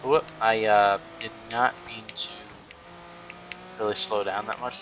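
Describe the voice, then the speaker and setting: Rambling low-voiced man commentating a game. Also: little pitch movement, takes it slowly, fairly bright tone, slight background noise, low-quality recording. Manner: rambling, many fillers and restarts. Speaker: gaming YouTuber. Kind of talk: casual gameplay commentary.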